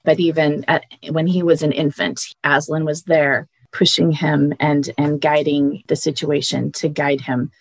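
A woman's voice: deep voice, little pitch movement, a little slow, hardly any pauses, dry recording. A woman reading a storybook passage and then explaining it as a podcast guest, tearful and hesitant. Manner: hesitant, restarts often when explaining. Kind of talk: storybook reading and casual chat.

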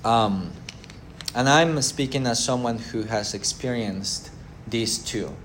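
A man teaching a church Bible class in a halting way, with many fillers, acting out everyday quotes and asking the class questions. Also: mid-range voice, a bit bright, a little hiss or hum.

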